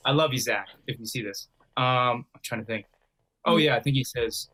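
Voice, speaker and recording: A man chatting as a podcast guest, relaxed and curious. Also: medium pitch, moderate pace, poor audio. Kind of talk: casual chat.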